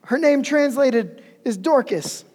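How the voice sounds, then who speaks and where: A man preaching in a casual, animated way, retelling a story with slang and asides. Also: very high-pitched, slow. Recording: long hall reverb.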